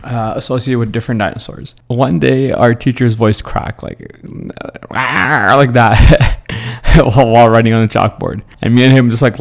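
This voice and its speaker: Gravelly young man telling stories. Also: mid-range voice. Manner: laughs often while telling stories. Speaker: podcast host. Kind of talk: casual storytelling.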